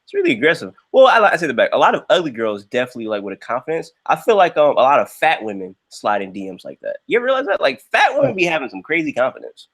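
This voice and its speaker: Animated young man telling a story. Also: rapid-fire, creaky, hardly any pauses. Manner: animated, jumps into high quoted voices. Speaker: livestream host. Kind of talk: casual storytelling.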